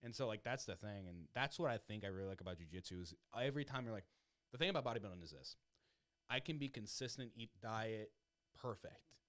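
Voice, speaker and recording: A man's voice: on the low side, expressive, fairly quick, fairly bright tone. A young adult man hosting a podcast, chatting casually and animatedly, swearing freely. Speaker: podcast host. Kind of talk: casual chat.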